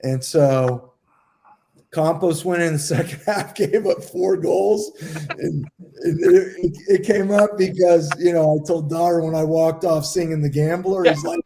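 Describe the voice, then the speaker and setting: A middle-aged man co-hosting a casual round-table podcast, telling relaxed anecdotes. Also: fairly high pitch, unhurried, a little hiss or hum. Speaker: podcast co-host, former goalkeeper.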